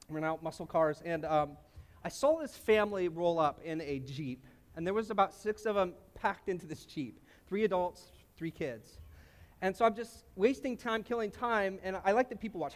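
A man's voice: high voice, big-room sound. A middle-aged man preaching a sermon, a pastor who tells stories and speaks straight to his congregation. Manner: conversational storytelling, addresses congregation directly. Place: church.

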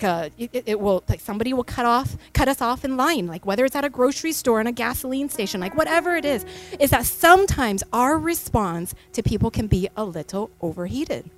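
A woman in her thirties preaching a sermon in a church, speaking into a stage microphone in a chatty storytelling way with many fillers. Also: fairly high pitch. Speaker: pastor.

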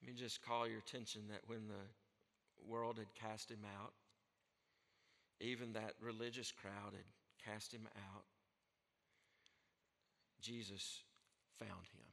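A man preaching a sermon as pastor, moving between soft, hushed lines and loud, emphatic declarations. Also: on the low side, gravelly, big-room sound. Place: church sanctuary.

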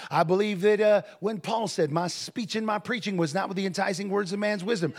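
A man preaching a sermon, moving from casual storytelling to fervent, drawn-out, shouted emphasis. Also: high-pitched. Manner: builds from conversational to shouted preaching.

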